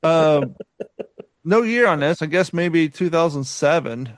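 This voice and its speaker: A man's voice: on the high side, expressive, a little slow, no room sound. Man from Kentucky, rambling podcast talk. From Kentucky, USA. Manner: rambling, laughs often, swears casually. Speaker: podcast co-host. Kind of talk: casual podcast chat.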